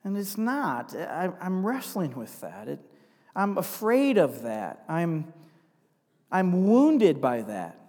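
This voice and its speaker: A pastor with a noticeably high voice preaches slowly, his pitch swinging hugely as he builds into emphatic, repetitive runs and then drops to quiet, confessional asides. Between points he reads scripture aloud, all wrapped in long hall reverb.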